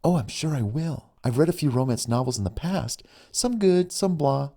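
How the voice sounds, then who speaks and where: A man's voice: mid-range voice, animated, moderate pace, warm tone, voice pushed up. A man voicing a chatty, eager young woman on a phone date in an audiobook. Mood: excited. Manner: bubbly, chatty. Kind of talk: audiobook reading.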